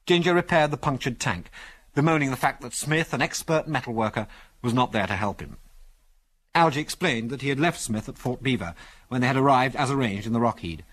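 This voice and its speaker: A man narrates an adventure story with expressive, animated pitch, at a medium pitch for a man. His reading rises and falls to carry the action. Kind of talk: audiobook reading.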